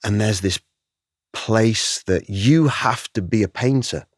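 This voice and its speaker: A middle-aged man with a very low voice tells his story in an interview. He is animated and emotional, and he slips into the voices of the people he quotes. The room sounds dry and close. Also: slow pace, no room sound. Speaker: guest artist.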